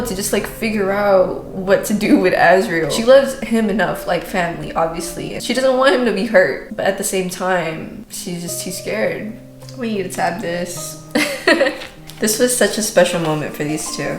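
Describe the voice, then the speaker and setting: A woman reacting to a book as she reads it, emotional and exclaiming, using casual slang and laughing often. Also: fairly low pitch. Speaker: book vlogger. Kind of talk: reading reaction vlog. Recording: roomy echo.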